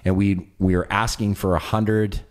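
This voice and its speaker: A man in his forties from western Canada, a guest telling animated stories with quick laughs in a casual podcast chat. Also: fairly low pitch. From West Coast Canada. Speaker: documentary filmmaker guest.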